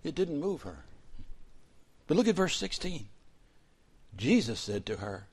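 A male pastor preaching a sermon, dropping to soft whispers and then rising to loud, fervent emphasis. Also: fairly high pitch, big pitch swings, measured pace, husky.

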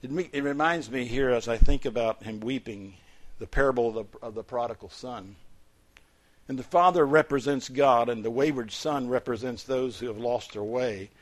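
A man preaching a sermon as pastor, rising to loud, emphatic peaks and dropping to soft, low asides, and reading scripture in a slow, stressed cadence.

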